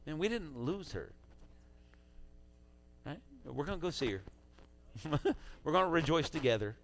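A man preaching a sermon as pastor, swinging between loud urging and quiet asides in a church sanctuary on a stage mic. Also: a little high, big pitch swings, a little slow, slight background noise.

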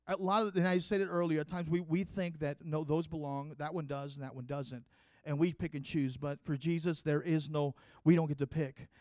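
A man delivers a sermon in an earnest, conversational manner, often restarting his sentences. His voice sits fairly high for a man. The sound is dry and close. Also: darkish tone, dry recording. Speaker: preacher. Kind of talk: sermon with personal testimony.

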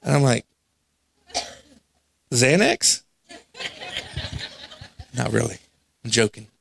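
Animated preacher with a higher voice. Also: male voice, normal speed, a little hiss or hum. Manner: animated, acts out quoted voices, laughs at himself. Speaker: pastor. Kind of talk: storytelling sermon. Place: church sanctuary.

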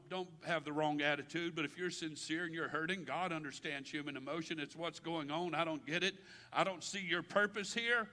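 A male pastor preaching a sermon with passion, his delivery swinging from loud declarations to hushed, quiet stretches. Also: high-pitched. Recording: long hall reverb.

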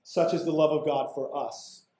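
A male pastor preaching an expository sermon in a conversational way, with casual asides and emphatic pauses, recorded in a church sanctuary. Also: on the high side, fairly even intonation, warm tone. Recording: echoey room.

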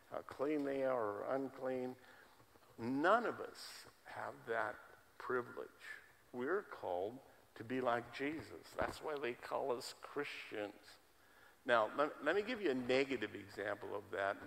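A man's voice: medium pitch, fairly bright tone. Emphatic male pastor in a reverberant hall. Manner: emphatic, repeats key words for stress. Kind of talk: sermon. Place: church sanctuary with congregation.

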